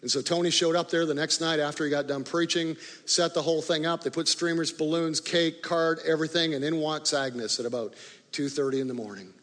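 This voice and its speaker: A male pastor telling a story in a sermon, animated in the story and quiet and low in the prayer. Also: fairly quick. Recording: long reverb of a large hall.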